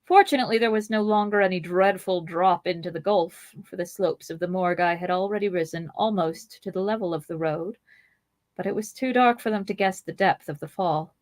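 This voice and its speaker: A woman hosting a podcast, reading a novel aloud in a measured, expressive way with playful asides. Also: lowish voice, dry recording.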